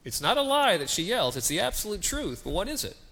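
Animated preacher in a reverberant hall. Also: male voice, sits high, a little fast. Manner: dramatic, rhetorical questions to the congregation. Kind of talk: sermon. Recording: long reverb of a large hall.

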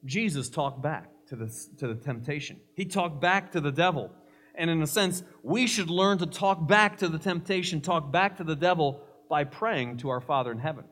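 A man's voice: fairly high pitch, normal speed, fairly bright tone. A male pastor preaching a sermon, emphatic, mixing scripture with humorous stories.

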